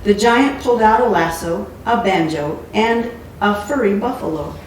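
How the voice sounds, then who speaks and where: A woman's voice: medium pitch, animated, moderate pace. A woman reading a picture book aloud with playful asides. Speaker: storybook reader. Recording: echoey room, mic far off, faint noise.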